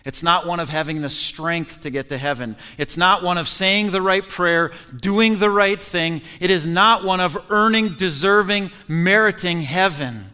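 Preacher, male, high bright voice, earnest and emphatic; church hall reverb. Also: unhurried, few pauses, clear, resonant tone. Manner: earnest, building emphasis with repeated phrases. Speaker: pastor. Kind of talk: sermon. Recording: echoey hall.

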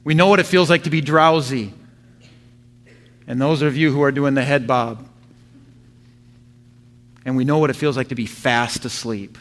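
A man preaching a sermon to his church, telling a story with animated sound effects. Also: medium pitch. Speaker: pastor.

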